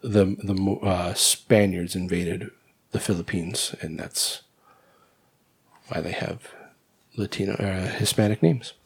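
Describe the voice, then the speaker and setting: A man co-hosting a podcast, chatting casually about a film, blunt and quick to swear, often trailing off and restarting. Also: low voice, fairly even intonation, creaky, husky. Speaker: podcast co-host. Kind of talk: casual movie review chat.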